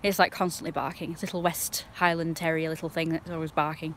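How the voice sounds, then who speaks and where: A woman's voice: low voice, flat delivery, quick pace, fairly bright tone, a little hiss or hum. A young woman on a live stream, telling a rambling, indignant story and swearing freely.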